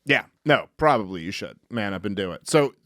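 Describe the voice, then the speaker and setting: A man co-hosting a casual podcast, wry and sarcastic, needling the others. His voice sits somewhat low. The recording is close and dry. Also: lively intonation, fairly quick, fairly bright tone, no echo. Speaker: podcast co-host. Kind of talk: casual chat.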